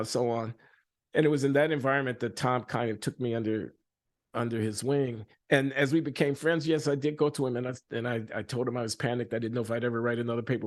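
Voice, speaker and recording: An older man speaking as an interviewee in a reflective conversation, pausing and restarting often and growing animated when he tells a story. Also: mid-range voice. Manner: halting, with many restarts and fillers, animated when retelling stories. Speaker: interviewed economist.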